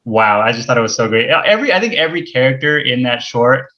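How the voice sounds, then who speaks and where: A man's voice: medium pitch, very animated, fast. A man hosting an interview, asking questions with hesitant ums and restarts. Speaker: podcast host. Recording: dull lo-fi mic sound.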